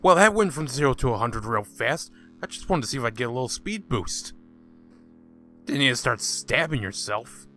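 A man's voice: mid-range voice, animated, moderate pace, bright, forceful tone, faint music behind. A man hosting a casual gaming let's-play, joking sarcastically and talking back to the game's characters. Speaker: gaming channel host.

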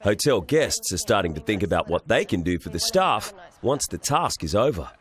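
A man's voice: lowish voice, very animated, normal speed. A man narrating a reality TV show in a scripted, announcer-like way.

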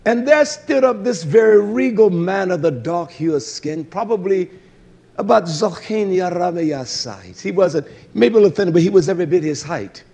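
A man's voice: high-pitched, animated, moderate pace, slightly rough. A man preaching a sermon, telling stories with emphatic repetition and blunt swearing. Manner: emphatic preaching, repeats phrases for stress; swears for emphasis and grows louder. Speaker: pastor.

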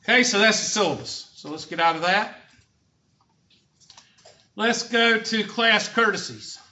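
This college instructor, a middle-aged man with a Southern accent, keeps his lecture blunt and folksy and quizzes the room as he goes. His high voice sounds pushed and bright, yet unhurried. The lo-fi audio carries classroom echo.

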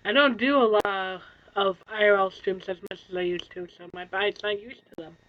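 A tired woman streamer in casual chat, soft-spoken and apologetic, yawning now and then. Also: mid-range voice, fairly even intonation, a little fast, lo-fi sound.

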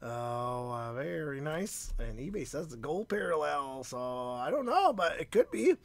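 A chatty, upbeat man hosting a live stream, greeting viewers by name in a fairly high voice that swings widely up and down. His voice is phlegmy and starting to give out, and the sound is close and dry. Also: very animated, a little slow, no room sound. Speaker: card-breaking stream host.

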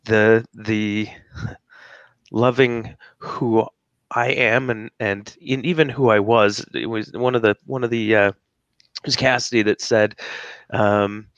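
A man hosting an interview, emotional and near tears, reflecting haltingly with many fillers. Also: fairly low pitch, steady tone, a bit bright, no echo, dull audio. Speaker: host. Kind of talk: casual interview chat.

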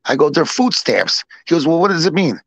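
Telling a meandering family story, this middle-aged co-host repeats himself and performs both sides of each exchange. He speaks a little fast in a fairly high, creaky, slightly bright voice with big pitch swings and no room sound.

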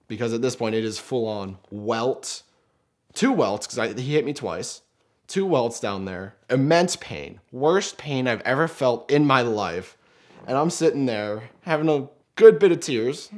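Man telling a funny mishap story. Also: mid-range voice. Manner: animated, self-mocking, acts out quoted lines. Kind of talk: casual storytelling.

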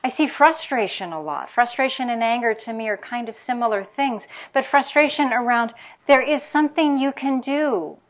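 A woman's voice: fairly high pitch, normal speed. Candid woman physician giving a lecture. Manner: candid, anecdotal, speaks frankly about caregivers' feelings. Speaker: palliative care physician. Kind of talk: public medical lecture.

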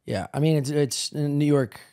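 A man in his forties co-hosting a comedy podcast, riffing loudly and crudely with lots of laughter. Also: a little high, fairly even intonation, moderate pace. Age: 40s. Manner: loud, crude, laughing riffs. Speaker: podcast co-host. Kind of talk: casual comedic banter.

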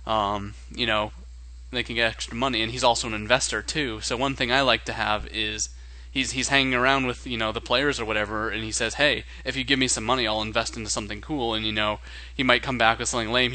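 A man's voice: lowish voice, flat delivery, fairly quick, pushed and bright, low-quality recording. A man co-hosting a casual podcast about tabletop games, running as game master and thinking aloud in a rambling way.

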